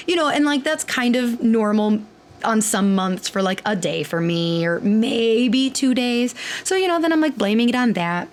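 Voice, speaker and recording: A woman's voice: medium pitch, lively intonation, normal speed, a little hiss or hum. A woman, hosting a podcast in casual, chatty personal talk full of fillers and quoted asides. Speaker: podcast host.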